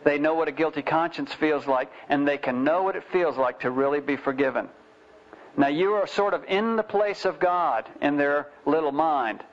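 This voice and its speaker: A man's voice: fairly high pitch, moderate pace. A man teaching parents in an informal talk, telling family stories with restarts and fillers. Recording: dull lo-fi recording.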